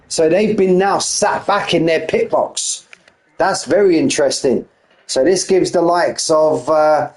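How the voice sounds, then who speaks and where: A man's voice: a little high, husky, low-quality recording. A young man giving chatty, joking live commentary on an online sim race. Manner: chatty, jokey banter with drivers.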